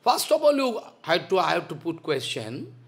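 A man's voice: high voice, wildly swooping pitch, moderate pace, gravelly. Impassioned older man scolding in a lecture. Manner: impassioned, scolding, repeats rhetorical questions. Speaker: spiritual teacher. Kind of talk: devotional lecture.

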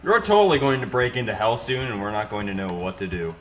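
A man's voice: fairly low pitch, lively intonation, fast talker. Guy gaming w friends, bouncy up and down voice, keeps cracking up, bit of hiss. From Scottish and German heritage. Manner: playful, laughs often, mimics dialogue in shifting voices. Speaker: let's play player. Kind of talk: casual gaming chat. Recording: dull lo-fi mic with faint noise.

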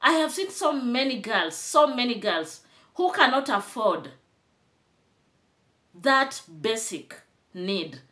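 Bright-voiced Kenyan woman vlogging. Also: on the high side. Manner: chatty, rising to indignant scolding. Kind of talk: casual commentary vlog.

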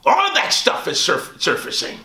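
Animated preacher man in echoey room. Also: normal speed. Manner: animated, swoops high on quoted lines, says "y'all". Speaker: pastor. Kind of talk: teaching Bible study.

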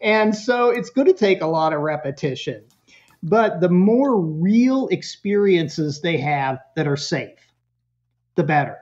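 A man speaking as a parenting expert guest in a casual interview, telling animated, humorous stories. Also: on the high side, a little slow, lo-fi sound.

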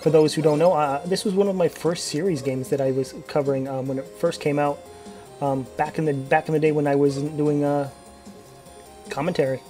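A man's voice: a little high, little pitch movement, a little fast, mellow, soft background music. A young man giving casual gameplay commentary, rambling and profane, full of fillers and restarts. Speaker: let's play commentator.

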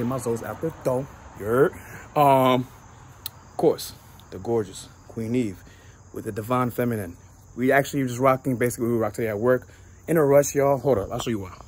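A man's voice: mid-range voice, darkish tone, rough recording. A man hosting a casual sneaker vlog outdoors at dusk, talking in a slangy, chatty way and repeating his catchphrases. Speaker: sneaker vlogger. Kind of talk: casual hyped sneaker show-and-tell. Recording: outdoor noise with crickets and traffic.

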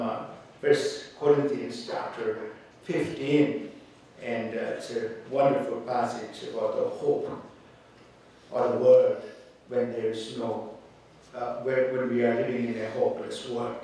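A man speaks at a funeral in a slow, halting way, full of pauses and fillers, then grows fervent when he reads scripture. He is heard from a distance in a very echoey church hall with faint background noise. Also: medium pitch, darkish tone. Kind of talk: funeral tribute and scripture reading.

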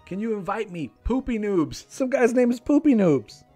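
A man in his thirties, a slightly hoarse gaming host, chatting playfully and teasing his young son while they play, laughing often. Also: sits high, big pitch swings, moderate pace, warm tone, soft background music. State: a little hoarse, losing his voice. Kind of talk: casual gameplay commentary.

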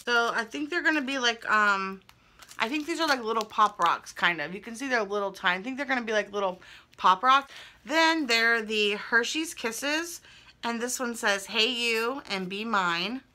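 A woman's voice: on the high side, normal speed, sharp tone. A young adult woman chatting casually at home as she opens fan mail, gushing and thinking aloud. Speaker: vlogger opening fan mail. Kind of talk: casual chat. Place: indoors at home.

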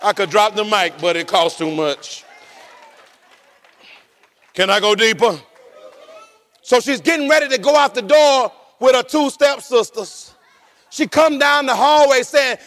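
A male pastor from the rural United States preaches a sermon, telling the story with lively energy and laughing along the way. He swings between shouting and dropping low, speaking unhurriedly with long pauses.

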